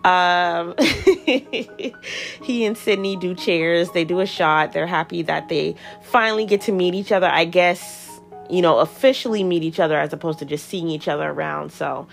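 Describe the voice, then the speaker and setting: A woman hosts a casual recap podcast with a slightly low voice. She talks in a chatty, animated way and laughs often. Faint music plays underneath. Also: moderate pace, vocal fry. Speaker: podcast host reviewing a reality show.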